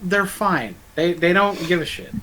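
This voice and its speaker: A man's voice: high-pitched, normal speed, a crowd in the background, low-quality recording. A man joining a stream over a voice call, chatting casually with crude jokes and a habit of arguing his point. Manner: crude, joking, argumentative. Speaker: guest co-host on a stream.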